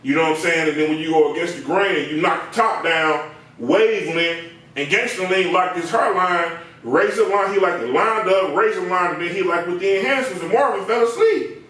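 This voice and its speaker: A man who works as a barber tells a comedic story in a slangy, animated way, acting out the people in it. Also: sits high, fairly quick. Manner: slangy, animated, acts out voices. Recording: very echoey, distant from mic.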